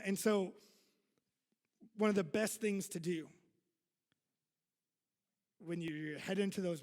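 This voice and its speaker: A man's voice: sits high, a little mellow, in a large hall. A male pastor giving a casual sermon to his congregation, chatty and self-deprecating, full of fillers and asides. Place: church hall.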